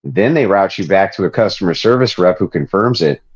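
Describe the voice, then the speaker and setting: A man's voice: low-pitched, lively intonation, a little fast, highs cut off. A man from Ireland hosting a podcast, ranting and joking in a profane, exasperated, mocking way. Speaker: show host.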